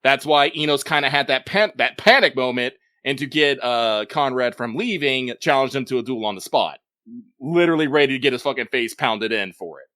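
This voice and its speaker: A man with a bright, forward voice talks in long, loose runs, swearing freely and correcting himself mid-sentence. He is a podcast co-host in casual conversation, recorded close and dry. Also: mid-range voice, expressive, a little fast, dry recording.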